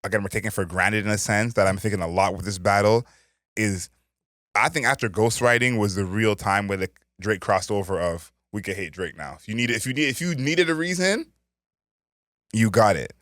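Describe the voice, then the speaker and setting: A man co-hosting a podcast, thinking out loud and weighing his points. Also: on the low side, fairly quick, dry recording, clean studio sound. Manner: thoughtful, weighs points with restarts and hedges. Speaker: podcast co-host. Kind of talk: casual chat.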